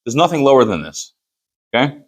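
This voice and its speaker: Teaching a Chassidus class, a rabbi with a mid-range voice moves fairly quickly, his pitch swinging widely. He reads lines of the text aloud, translates them, and explains them through pointed rhetorical questions in this Torah study lesson.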